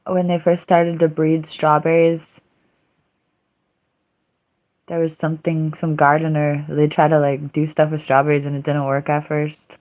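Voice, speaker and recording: A woman's voice: low voice, completely flat delivery, a little slow, darkish tone. A woman streaming live, chatting casually in a rambling, self-mocking way with dramatic outbursts. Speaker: livestreamer. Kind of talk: casual livestream chat.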